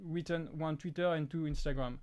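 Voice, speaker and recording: A man with a French accent, French as his first language, hosting a live prop-making Q&A in a halting way, with many restarts and fillers. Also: on the high side, steady tone, a little mellow. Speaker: prop-making channel host. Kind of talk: live stream Q&A chat.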